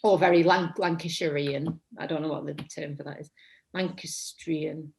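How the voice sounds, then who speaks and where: Low-pitched and gravelly, at a normal speed, this Mancunian woman in her thirties talks as a guest actor in a casual interview. She's from England, meanders and self-corrects as she goes, and admits her voice has a monotonous streak.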